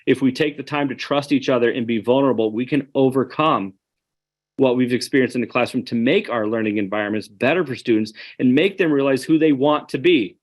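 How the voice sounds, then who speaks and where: Man, webinar presenter, earnest conversational talk, mid pitch, computer mic. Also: fairly quick. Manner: earnest, conversational, addresses audience directly.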